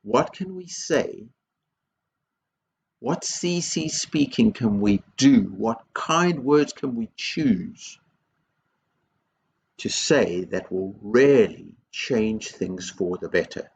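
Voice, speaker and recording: A man's voice: mid-range voice, animated, slow pace, creaky, slight background noise. A man speaking as a headteacher in a school video assembly, earnest and encouraging, repeating his key phrases.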